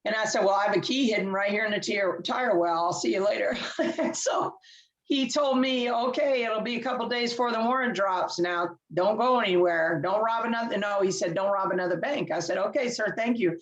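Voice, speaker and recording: A woman, a guest telling her story in casual chat, animated and laughing often as she acts out quoted voices. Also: medium pitch, fairly quick, rough recording. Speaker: interview guest.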